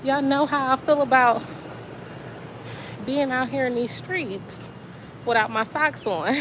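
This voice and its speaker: A woman's voice: sits high, slow, long pauses, a bit bright, slight background noise, low-quality recording. Breathless chatty woman vlogging outdoors. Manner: chatty, talks straight to viewers with "y'all". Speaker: vlogger live-streaming a beach walk. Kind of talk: casual live-stream chat. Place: outdoors by a beach.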